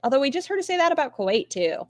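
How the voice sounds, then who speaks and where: A woman's voice: high-pitched, very animated, rapid-fire. A woman commentating on a replayed clip, with sarcastic, mocking asides. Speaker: commentary streamer. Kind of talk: reaction commentary.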